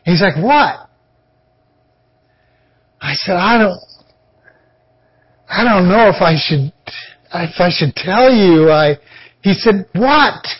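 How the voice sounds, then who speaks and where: A man's voice: high voice, breathy edge, dull audio. A man preaching on a podcast, telling a personal testimony and acting out the voices of the people in it. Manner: animated, acts out quoted voices. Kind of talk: storytelling testimony.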